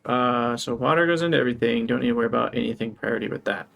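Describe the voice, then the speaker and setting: Male live streamer with some vocal fry, mid-pitched, talks through his plans and greets chat cheerfully. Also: fairly even intonation, rapid-fire. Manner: thinks aloud while planning, brightens to greet chat. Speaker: game streamer. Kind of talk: live gameplay commentary.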